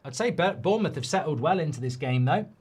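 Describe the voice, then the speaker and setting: Guy doing a footy watchalong, voice jumps all over, swears a lot, fairly high. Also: animated, quick pace, breathy edge. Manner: swears and rants at bad defending. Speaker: football watchalong host. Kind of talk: live football watchalong commentary.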